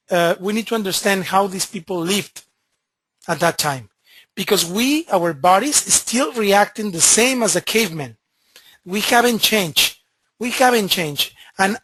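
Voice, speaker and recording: A medical presenter with a Spanish accent, giving a webinar lecture in a halting way, restarting often and apologizing. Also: mid-range voice, a bit bright, no echo.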